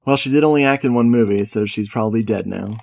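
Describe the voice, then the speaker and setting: A man's voice: lowish voice, quick pace, vocal fry, a little mellow, no echo. Joking man co-hosting a movie podcast. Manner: joking, sardonic. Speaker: podcast co-host. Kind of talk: casual movie review chat.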